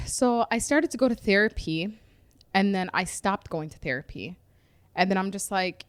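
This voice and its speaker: A woman's voice: medium pitch, normal speed, no echo. A woman, a podcast guest, telling her personal story in a reflective, conversational way with frequent fillers.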